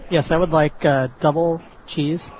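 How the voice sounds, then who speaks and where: A young man making a prank phone call, mock-polite and deadpan as he orders. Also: a little high, a little slow, slight background noise. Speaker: prank caller.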